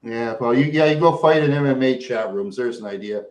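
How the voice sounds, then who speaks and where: A man's voice: medium pitch, a little fast. A man hosting a live stream, chatting with viewers in a rambling, repetitive way. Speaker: livestream host. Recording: roomy echo.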